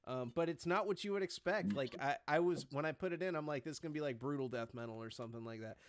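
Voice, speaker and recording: A man's voice: fairly high pitch, fast talker, no echo, studio quality. A young man co-hosting a casual chat, rambling, swearing and laughing often. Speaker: podcast co-host.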